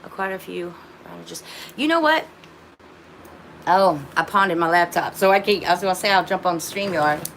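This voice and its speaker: Livestreaming casually from her phone, a woman with grown children rambles, keeps restarting, and addresses viewers as "y'all." Her fairly low, fairly bright voice moves at a moderate pace with long pauses, over a little hiss or hum.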